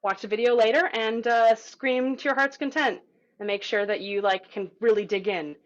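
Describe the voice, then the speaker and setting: A woman's voice: a little high, normal speed. A woman teaching a group voice lesson over a video call, in a casual, encouraging way, with filler words. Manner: casual, encouraging, demonstrates vocal sounds. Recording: dull lo-fi video call audio.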